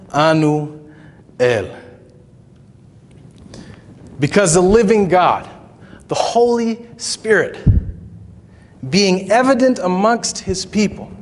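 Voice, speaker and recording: Man, pastor, chatty sermon, slightly high voice, unhurried delivery, long church reverb. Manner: conversational preaching with asides and chuckles. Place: church sanctuary.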